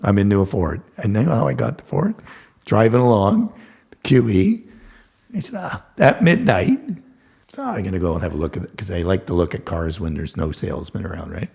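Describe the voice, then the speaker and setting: A man's voice: deep voice, expressive, brisk, creaky, warm tone, husky. An older man, a guest telling stories casually and acting out the dialogue, swearing freely. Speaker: guest contractor. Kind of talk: casual storytelling.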